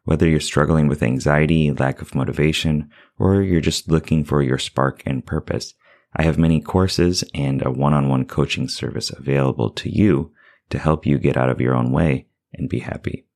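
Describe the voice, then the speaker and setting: Very deep-voiced male life coach. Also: fairly even intonation, moderate pace, gravelly, a little mellow. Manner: earnest and casual, with many fillers. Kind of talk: self-help podcast monologue.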